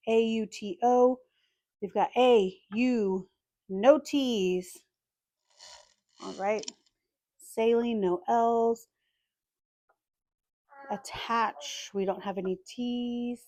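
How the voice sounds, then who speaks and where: A woman calmly narrating as she scratches lottery tickets, methodically spelling out letters one by one. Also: a little high, no echo. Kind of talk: calm scratch-and-reveal narration.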